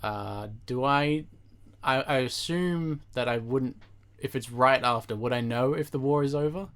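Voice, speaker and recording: A man with a middle-pitched voice co-hosting a casual podcast. He plays along with a role-play but keeps quibbling with the details, wry and skeptical. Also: measured pace, a bit bright, smooth. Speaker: podcast co-host. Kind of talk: casual comedic chat.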